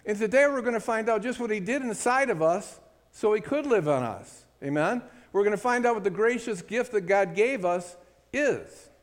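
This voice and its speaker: A man's voice: high-pitched, animated, moderate pace. A man preaching a sermon, speaking emphatically and calling for amen from the congregation. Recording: hall with long reverb.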